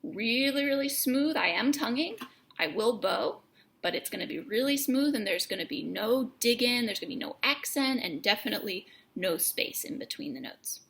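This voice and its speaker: Crisp-voiced woman teaching a music lesson. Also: mid-range voice, animated, moderate pace, a bit bright. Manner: clear, encouraging explanation with emphatic key words. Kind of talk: instructional lesson.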